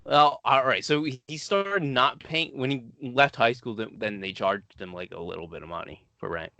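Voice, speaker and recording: A man's voice: mid-range voice, normal speed, vocal fry, no room sound. A man hosting a podcast, telling stories in casual chat and laughing often. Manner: laughs often, animated storytelling. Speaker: podcast host.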